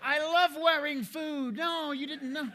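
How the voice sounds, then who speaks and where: A man putting on the voice of a serene, endlessly forgiving man, airy, slow and apologetic. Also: very high-pitched, fairly even intonation, bright, forceful tone, voice pushed up, exaggerated voice.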